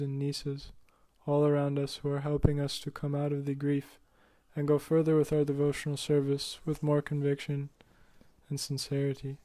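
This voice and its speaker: A man reads listener comments aloud in a completely level monotone. His voice is mellow and dark, and he keeps a steady pace over an online call. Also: on the high side. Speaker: reading out listener messages.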